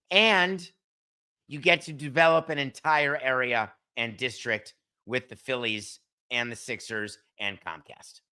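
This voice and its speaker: Bright-voiced blunt sarcastic male host. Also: mid-range voice. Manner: blunt, sarcastic, talks straight to a producer. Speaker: podcast host. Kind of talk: opinionated solo sports and TV commentary.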